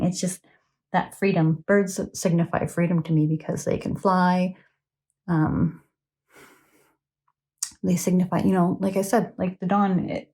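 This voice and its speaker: Lady doing a tarot reading into her phone, lowish warm voice, chatty, lots of ums. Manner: chatty, earnest, frequent ums and "okay?". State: emotional, close to tears. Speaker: tarot reader. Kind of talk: casual tarot reading to camera. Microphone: phone camera.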